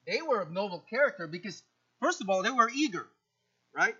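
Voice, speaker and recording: Animated high-voiced male preacher. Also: fairly quick, dull audio. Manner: animated, repeats words, acts out quotes with sudden loud jumps. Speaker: pastor. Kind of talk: sermon.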